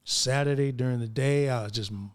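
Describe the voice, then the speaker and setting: A man's voice: mid-range voice, a little fast. An older man, a guest actor, telling stories in a casual interview and acting out the lines of people he quotes in slangy speech. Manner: animated, acts out quoted dialogue, slangy.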